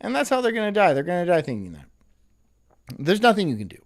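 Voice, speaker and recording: Rambling sarcastic man with a lively voice. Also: high-pitched, quick pace. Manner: rambling, sarcastic, laughs often. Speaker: streamer host. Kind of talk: casual stream commentary.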